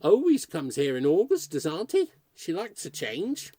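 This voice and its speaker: Smug fussy old male ghost, folksy, patronizing, storybook reading, voiced by a man, dark mellow tone. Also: on the high side, wildly swooping pitch, normal speed, husky, no room sound, exaggerated voice. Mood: cheerful.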